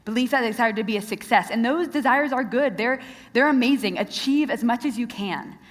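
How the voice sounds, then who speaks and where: A woman's voice: fairly high pitch, a little fast. A young woman giving an earnest talk to a youth audience, speaking directly and often asking the crowd questions. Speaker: Christian speaker. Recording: long reverb of a large hall.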